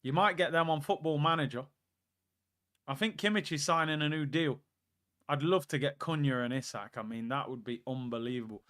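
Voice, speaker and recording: A young man hosts a live football watchalong. His voice sits fairly high, and he chats excitably, jumping between the match and viewer questions. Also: a little fast. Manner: chatty and excitable, reacting to play and reading out viewer questions.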